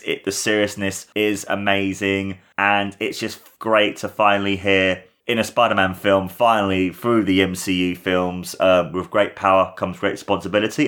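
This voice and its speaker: A low-pitched man talks through a film review on his podcast in a loose, unscripted monologue. He gushes with excitement and circles back over the same points again and again. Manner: enthusiastic, rambling, repeats words. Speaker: podcast host.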